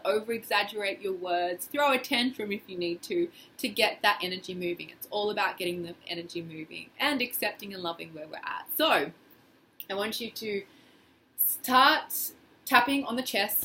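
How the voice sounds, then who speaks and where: A woman guiding a tapping exercise in a casual, expressive way, acting out feelings as she leads. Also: medium pitch, slight background noise. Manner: casual, expressive, acts out feelings in quoted phrases. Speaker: tapping session guide.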